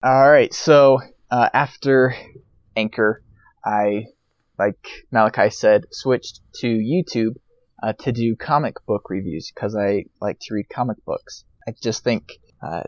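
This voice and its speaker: A low-voiced man talks as a guest in a casual podcast interview, stopping often for uh and um. His voice comes through dull, lo-fi audio that sounds dry and close. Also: a little mellow, no room sound. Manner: hesitant, with many uh and um pauses.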